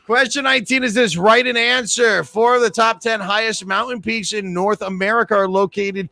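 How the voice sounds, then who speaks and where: A man's voice: high-pitched, fairly even intonation, normal speed, creaky, pushed and bright, no room sound. A man with a New England accent hosting bar trivia, joking and chatty as he reads questions and scores. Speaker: trivia host.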